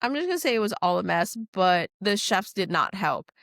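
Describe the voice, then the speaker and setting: A woman from New Orleans, a guest chef telling stories in a casual podcast chat. She swears freely and acts out other people's lines with lively quoting. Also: mid-range voice, a little fast, no echo, studio quality. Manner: animated storytelling, acts out quotes, swears freely.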